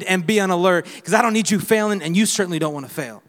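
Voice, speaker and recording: A man preaching a sermon, swinging between loud exhortation and quiet reflection, with humorous asides and call-and-response lines. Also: high voice, fast talker, hardly any pauses. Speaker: pastor. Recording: reverberant hall with faint music.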